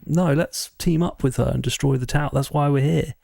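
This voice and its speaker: Man doing sensible young woman, earnest, pleading, higher voice. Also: steady tone, a little fast, creaky, a little mellow, dry recording, clean studio sound.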